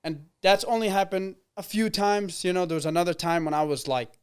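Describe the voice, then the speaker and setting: A man in his twenties spins gym stories at a quick clip, full of fillers and acted-out quotes. His voice is smooth and clear, pitched a little above the usual for a man. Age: 20s. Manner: rambling, lots of fillers and quoted dialogue. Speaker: interview guest, MMA fighter. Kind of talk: casual storytelling.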